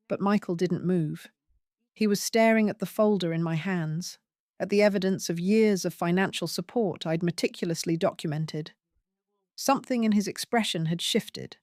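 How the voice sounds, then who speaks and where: Low-voiced woman narrating a family drama. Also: darkish tone, no echo, studio quality. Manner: measured, dramatic storytelling. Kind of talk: first-person story narration.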